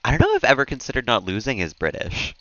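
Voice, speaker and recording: A man's voice: mid-range voice, wildly swooping pitch, fast talker, sharp tone, dry recording, lo-fi sound. A man streaming a game, chatting casually with viewers, reading out their messages and laughing often. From United States. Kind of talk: casual chat with viewers while gaming.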